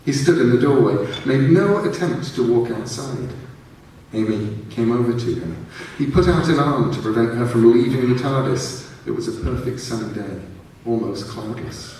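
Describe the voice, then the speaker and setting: A man's voice: medium pitch, animated, darkish tone, far from the mic, slight background noise. Man narrating a story in an echoey hall. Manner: measured storytelling. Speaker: author reading his story. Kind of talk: live reading of fiction. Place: large theatre stage, live.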